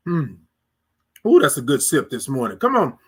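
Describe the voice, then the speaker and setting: A man's voice: medium pitch, wildly swooping pitch, moderate pace, slightly rough. A middle-aged man hosting a casual morning livestream, reading viewer comments aloud and drawing out his greetings with preacher-like repetition. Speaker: livestream morning show host. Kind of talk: casual live-stream chat reading comments.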